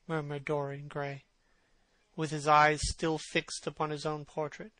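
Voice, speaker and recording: A man narrating a classic novel as an audiobook, in a measured, expressive way. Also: a little high, dry recording, rough recording. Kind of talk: reading a classic novel aloud.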